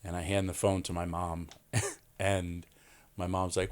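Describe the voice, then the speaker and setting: Deep-voiced New man telling stories. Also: normal speed, clean tone. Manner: animated storyteller, acts out quoted voices. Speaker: wrestling guest. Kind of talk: storytelling in a podcast interview.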